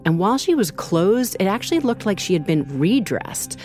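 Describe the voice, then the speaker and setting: A woman co-hosting a true crime podcast, narrating in an earnest, measured way. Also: medium pitch, big pitch swings, darkish tone, soft background music. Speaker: podcast co-host.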